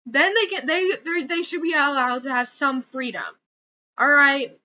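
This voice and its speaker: A woman's voice: sits high, moderate pace, bright, forceful tone, muffled recording. A young woman vlogging an angry, swearing rant, repeating herself as she builds up heat. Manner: heated, swearing, repeats words.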